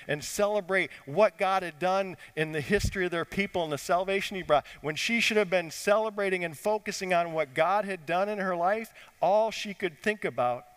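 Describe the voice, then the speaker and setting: Male pastor, sermon delivery, slightly high voice, long reverb tail, rises and drops for emphasis. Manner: dynamic preaching, rising and dropping to quiet emphasis.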